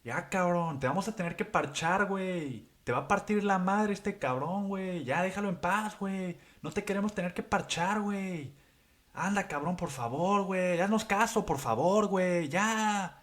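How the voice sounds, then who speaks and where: A man voicing a group of pleading young Mexican men with a Mexican Spanish accent, speaking in a high, hushed, urgent way. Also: a little fast.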